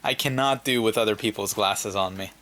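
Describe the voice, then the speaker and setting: A man narrating a relaxed family home vlog in a low-key way. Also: fairly quick. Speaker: vlogger father.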